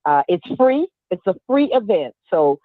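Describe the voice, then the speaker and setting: A woman's voice: mid-range voice, very animated, measured pace, dry recording. Woman, panelist, playful and apologetic, phone-line sound, dry. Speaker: radio panelist and play director. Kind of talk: casual radio chat and announcement.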